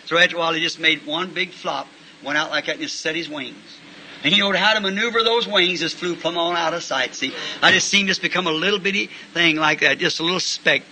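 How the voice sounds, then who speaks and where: A man preaching a sermon, telling folksy stories and breaking into shouts of praise. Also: on the high side, fairly quick, slight background noise, low-quality recording. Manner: folksy, animated, bursts into shouting. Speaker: pastor. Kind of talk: sermon with storytelling.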